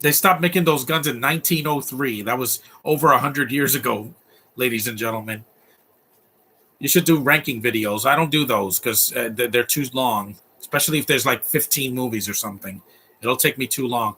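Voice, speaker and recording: A man's voice: mid-range voice, moderate pace, pushed and bright, husky. A man giving casual live commentary over a movie, rambling and laughing often. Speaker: film commentator.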